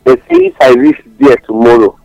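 Man, Nigerian accent, radio commentator, English-Pidgin mix, very lively pitch, dry studio. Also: normal speed, no echo, faint music behind, poor audio. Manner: passionate, mixing English with Pidgin, telling stories. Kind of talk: animated radio talk-show commentary.

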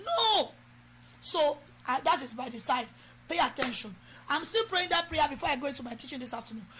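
High, bright-voiced Nigerian woman preaching. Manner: emphatic, exhorting, switches into Yoruba. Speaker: preacher leading prayer. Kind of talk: sermon with prayer over a live stream.

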